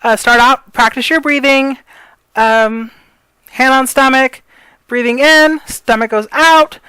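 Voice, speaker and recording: A woman walks through breathing and pitch exercises in a loose, rambling way, often pausing on filler words. Her voice sits on the higher side and sounds smooth and clear. The recording is dry, with no room sound. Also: steady tone, bright, forceful tone, dry recording, poor audio. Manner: rambling, filler-heavy, apologetic. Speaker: voice coach. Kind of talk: casual spoken tutorial.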